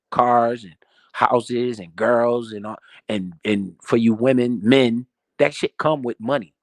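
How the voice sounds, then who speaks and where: A man's voice: medium pitch, fairly bright tone, dry recording, clean studio sound. A man giving a profane, emphatic motivational rant about money in a casual way. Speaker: motivational finance streamer.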